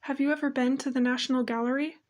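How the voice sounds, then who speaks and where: A woman voicing a cheerful, lively young woman teacher in an audiobook reading, with a breezy, friendly manner. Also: high-pitched, fast, lightly acted.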